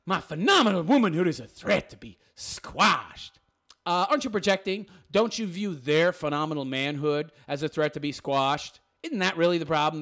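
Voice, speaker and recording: A man's voice: a little high, a bit bright. A man hosting a reaction commentary, reading and mocking a text in a sarcastic, crude, derisive way. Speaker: commentary channel host.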